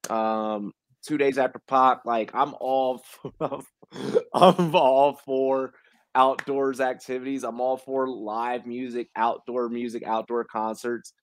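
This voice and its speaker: A man hosts a relaxed podcast conversation at an ordinary pitch. He laughs easily and circles back over his words as he thinks. The sound is dry and close. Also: slow pace, smooth, no echo. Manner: laughs often, repeats words while searching for them. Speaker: podcast host. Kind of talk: casual podcast chat.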